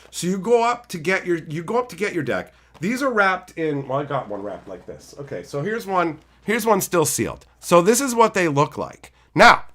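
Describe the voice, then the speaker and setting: Guy ranting about a card event, voice jumps all over, cusses a lot. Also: a little high. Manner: animated, profane, exclaiming. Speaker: card game streamer. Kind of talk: casual storytelling vlog.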